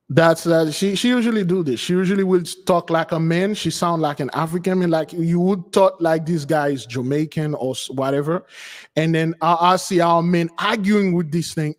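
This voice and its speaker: A man's voice: fairly high pitch, normal speed, long reverb tail. A man hosting a spiritual channel, chatting casually with listeners he calls beloved, often repeating and restarting his words. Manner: repetitive, stammering, addresses listeners as beloved. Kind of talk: casual live commentary.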